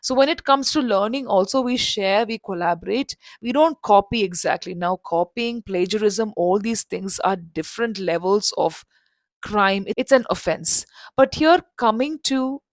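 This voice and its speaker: A woman's voice: mid-range voice, expressive, normal speed, no echo. Woman telling a story for learners. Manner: conversational, with restarts and asides. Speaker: storyteller and English teacher.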